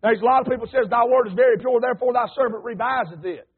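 A folksy preacher with a strikingly high, husky voice drives his sermon home, dropping to plain talk and then rising to loud calls. The sound comes over a thin, phone-like radio broadcast. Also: racing. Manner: folksy, rousing, swings between quiet talk and shouting. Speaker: pastor.

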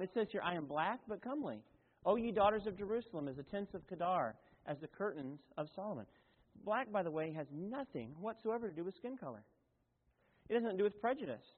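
A man preaching a sermon as pastor, in a folksy, conversational way with asides and self-corrections. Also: sits high. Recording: tinny, phone-like sound in a long-echoing hall.

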